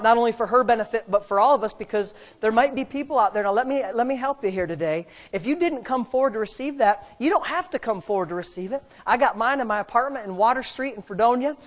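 Woman, minister, fervent sermon, emphatic, speaking in tongues, somewhat high voice. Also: expressive. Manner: emphatic and fervent, with exclamations and repeated words; bursts into rapid speaking in tongues. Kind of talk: preaching and leading prayer in a church service.

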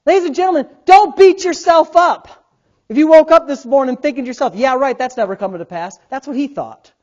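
A man in his thirties, a pastor preaching a sermon, telling stories with big swings from quiet asides to loud, laughing bursts. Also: extremely high pitch, brisk. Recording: dull lo-fi sound.

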